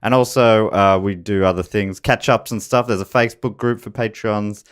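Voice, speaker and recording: A man's voice: lowish voice, steady tone, moderate pace, smooth. A man hosting a comedy podcast, rambling through plugs with lots of fillers. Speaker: podcast host. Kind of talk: casual comedy podcast chat.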